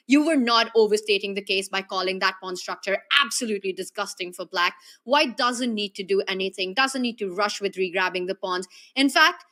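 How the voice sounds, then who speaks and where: A woman's voice: fairly high pitch, bright, forceful tone. A young woman commentating live on a chess game, analytical and playful with her co-host.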